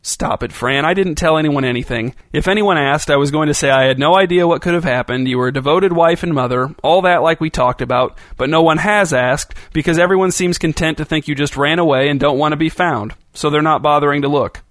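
A woman's voice: low-pitched, fairly quick, hardly any pauses, no echo, studio quality, lightly acted. A male narrator voicing an anxious, loyal woman friend who speaks hesitantly and defensively in a storybook reading.

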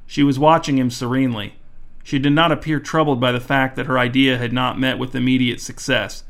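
A man giving a measured, even storybook narration. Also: mid-range voice, vocal fry. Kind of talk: scripted narration.

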